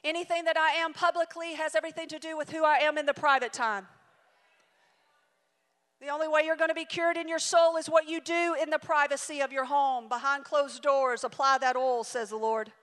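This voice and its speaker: High-pitched woman preaching in a hall. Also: steady tone, brisk. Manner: dramatic, swinging between loud and hushed. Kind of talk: sermon with storytelling. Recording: reverberant hall.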